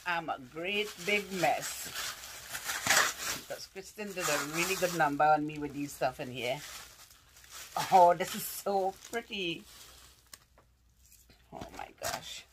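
Woman, lowish voice, casual vlog, gushing, exclaiming, laughing, faint background hiss. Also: slow pace, pauses often. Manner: gushing, exclaiming, laughing often while struggling with packaging. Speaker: vlogger opening fan mail.

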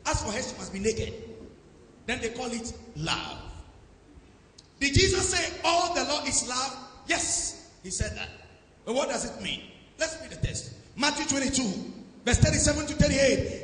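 High-voiced preacher in an echoing hall. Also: male voice, very animated, measured pace, long pauses. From Nigeria. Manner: preaching with call-and-response questions to the congregation; swings between loud shouted declarations and low asides. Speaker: pastor. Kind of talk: sermon. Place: large church hall. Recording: echoey hall with some background noise.

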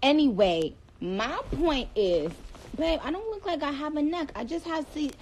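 A woman's voice: sits high, animated, moderate pace, darkish tone, slight background noise, rough recording. A woman from Trinidad chatting playfully with viewers on a phone livestream, talking straight to them from a dim room. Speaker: livestream host. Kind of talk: casual livestream chat to viewers.

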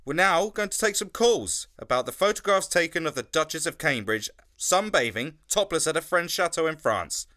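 A man as phone-in radio host, smooth presenter voice, lively pitch, bright. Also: moderate pace, hardly any pauses, dry recording. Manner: smooth presenter delivery, dry reactions.

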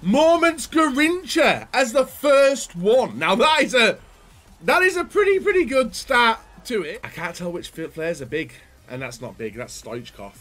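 A young man doing excitable pack-opening commentary, often yelping and shouting while talking straight to his viewers. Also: extremely high pitch, a little slow, soft background music. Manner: excitable, yelps and shouts at the screen; talks to viewers as "guys". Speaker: YouTuber.

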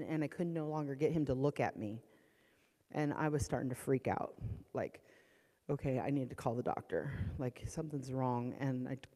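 A woman's voice: extremely low pitch, warm tone. A woman sharing a personal testimony in church, retelling past panic with strong emotion. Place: church hall. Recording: long church hall reverb.

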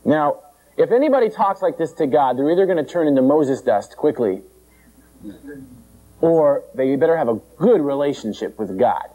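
A male preacher giving a conversational, animated sermon and acting out the characters in the story. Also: fairly high pitch, normal speed, dull audio.

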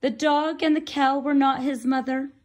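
A woman's voice: high voice, level tone, moderate pace, darkish tone. A woman reading a picture book aloud to children, breaking off for chatty asides to her listeners. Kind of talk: read-aloud storytelling for kids.

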